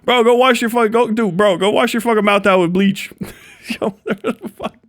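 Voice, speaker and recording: A man's voice: high voice, moderate pace, a bit bright. A young man from Ohio ranting on a livestream, swearing constantly and laughing at his own jokes. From Ohio, USA. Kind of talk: profane live-stream rant.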